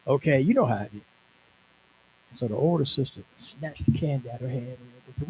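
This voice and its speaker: A man's voice: medium pitch, expressive, a little fast, a little mellow, poor audio. A man in his sixties, a minister, telling a personal testimony at a conference in a conversational, emphatic storytelling way. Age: 60s. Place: conference venue.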